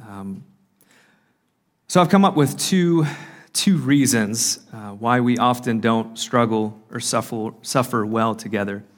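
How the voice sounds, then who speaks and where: In a conference hall, a man with a medium-pitched, unhurried voice gives an earnest, faith-based talk at a marriage conference, with frequent fillers and restarts. He's a conference speaker and podcast host.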